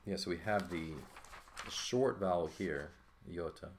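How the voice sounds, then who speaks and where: A man teaching a language lesson in a relaxed walkthrough, thinking aloud and often checking in with "right?". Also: low-pitched, a little slow, slight background noise. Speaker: Greek teacher.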